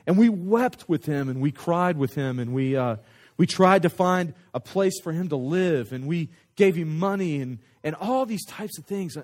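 A man telling a story in a sermon as a pastor, animated and conversational, often restarting his sentences. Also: on the high side, moderate pace.

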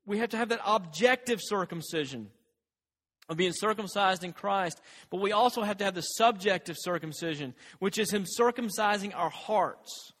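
A man's voice: sits high, moderate pace, fairly bright tone, long reverb tail. A man preaching a conversational sermon as a pastor, with fillers and restarts and rising intensity on quoted scripture.

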